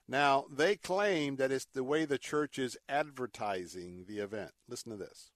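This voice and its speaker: A man's voice: fairly high pitch, expressive, moderate pace, no echo, clean studio sound. A man hosting a talk show, giving opinionated commentary in an indignant, emphatic way with sarcastic, folksy asides. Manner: indignant, emphatic, repeats words for effect. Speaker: radio talk show host.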